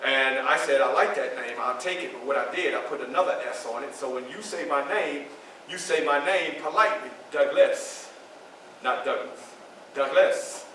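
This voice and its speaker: A man's voice: medium pitch, brisk, natural voice. A man playing Frederick Douglass, a proud male orator, telling his story in first person and talking straight to the audience. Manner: animated, addresses the audience directly. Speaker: historical reenactor. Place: library event room, indoors. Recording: echoey hall from far off, faint hiss.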